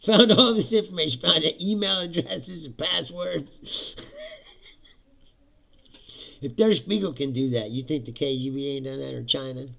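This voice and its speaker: Brief: gravelly male host, high and animated, sarcastic political rant with frequent laughs. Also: moderate pace, long pauses, highs cut off. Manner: sarcastic, laughing often, profane.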